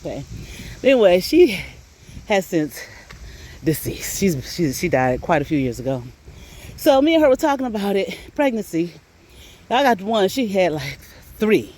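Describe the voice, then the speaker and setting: A middle-aged woman chatting casually, animated and laughing often, with frequent swearing, while out on a walk. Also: mid-range voice, normal speed, pauses often, a little hiss or hum. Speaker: vlogger. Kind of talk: casual storytelling chat. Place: outdoors on a walk.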